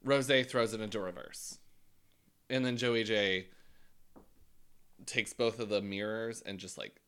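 A man's voice: lowish voice, steady tone, a little slow, a bit bright, clean tone. A man casually recapping a TV show with a co-host in a playful, teasing way. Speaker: podcast co-host.

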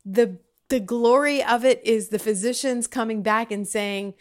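A woman's voice: on the high side, a little slow. Woman vlogger, casual heartfelt reflection to camera at home, rambly and sincere. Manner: warm, chatty, rambling with fillers. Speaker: vlogger sharing personal reflections. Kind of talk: casual heartfelt talk to viewers. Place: home, kitchen or dining table.

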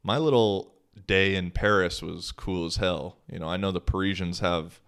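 A man's voice: deep voice, moderate pace, gravelly, fairly bright tone, clean tone. A young man hosting his own podcast, talking in a laid-back, slangy, profane way. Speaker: podcast host. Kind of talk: casual solo podcast monologue.

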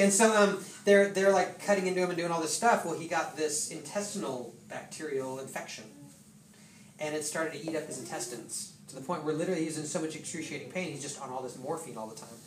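A pastor telling a sermon story in a lively, laughing way, full of fillers. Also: medium pitch. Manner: animated, laughing, many fillers. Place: church hall with congregation. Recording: echoey hall, distant, noisy.

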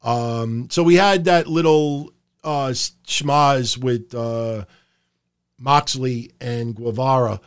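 A man's voice: mid-range voice, slow pace, clear, resonant tone. A middle-aged man hosting a live stream, talking in a loose, rambling and profane way from a room at home. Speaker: podcast host. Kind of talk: casual live-stream commentary. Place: home room under hot lights.

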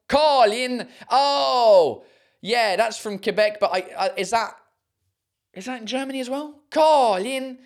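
A giggly, amused podcast host reads out listener messages in a casual chat on their show, swearing offhandedly and erupting in bursts of high laughter. French and German words get sounded out slowly.

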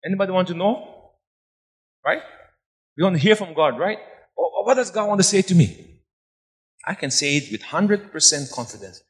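A man preaches with fervor. His voice sits fairly high for a man, and he shifts between near-whispers and loud bursts while repeating phrases. A long reverb trails his voice through a large hall. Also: animated, normal speed, long pauses. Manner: impassioned preaching, swinging from soft to loud, repeating phrases for emphasis. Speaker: pastor. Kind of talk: sermon.

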